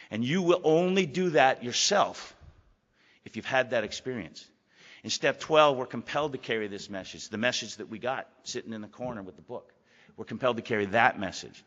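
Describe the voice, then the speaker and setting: A man's voice: medium pitch, fairly bright tone. A middle-aged man giving a candid, rambling personal talk at a recovery meeting, often repeating his words. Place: meeting hall. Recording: lo-fi hall recording.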